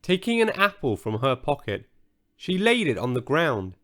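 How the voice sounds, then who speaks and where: A man narrating a children's story aloud in an expressive storytelling manner. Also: a little high, normal speed.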